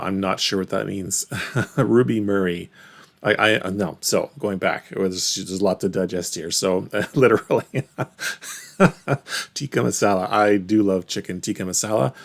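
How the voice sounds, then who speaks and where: Deep gravelly man reacting. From Canada. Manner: thoughtful, hesitant, many fillers and restarts. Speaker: reaction video host. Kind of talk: casual reaction commentary.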